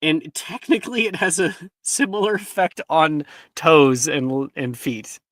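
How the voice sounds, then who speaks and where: A man's voice: on the high side, expressive, unhurried, fairly bright tone, dry recording, clean studio sound. A man narrating a tabletop game as game master, hesitant and full of filler words. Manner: hesitant, full of likes and ums.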